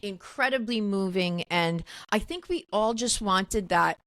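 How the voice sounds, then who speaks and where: A woman co-hosting a podcast, chatting casually. She talks with open emotion and gushes, her voice mid-pitched and recorded close and dry. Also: unhurried, a bit bright, no echo. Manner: emotional, gushing. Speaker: podcast co-host. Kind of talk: casual chat.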